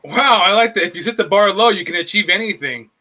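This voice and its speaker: A man playing a bright, pompous guru host. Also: high-pitched, lively intonation, fast, exaggerated voice, low-quality recording. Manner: pompous, rambling, mock-profound. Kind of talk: improv comedy.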